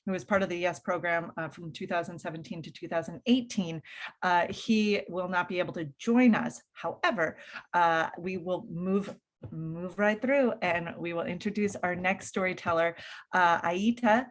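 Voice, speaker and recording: A woman's voice: fairly low pitch, moderate pace. A woman hosting a storytelling event, speaking loosely with frequent filler words as she introduces the next storyteller. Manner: loose and chatty with many fillers. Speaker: host of a storytelling show.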